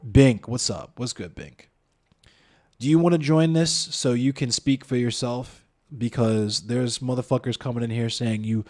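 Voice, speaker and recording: A man's voice: medium pitch, darkish tone. A man streaming live, arguing his point bluntly and profanely, talking straight to his chat and throwing out rhetorical questions. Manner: profane, blunt, addresses chat and viewers directly. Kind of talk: heated live-stream commentary.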